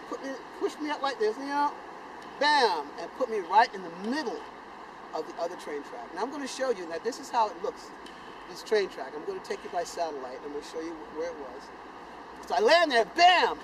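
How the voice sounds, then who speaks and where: A man's voice: a little fast, noisy background. An older man from South Carolina, telling a personal story to camera with sound effects and acted-out voices. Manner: animated, sound effects like boom and bam, acts out voices.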